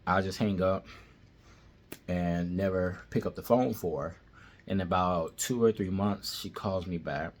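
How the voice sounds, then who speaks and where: A man's voice: deep voice, a little slow. A man telling a personal story in a casual, blunt, plain-spoken way.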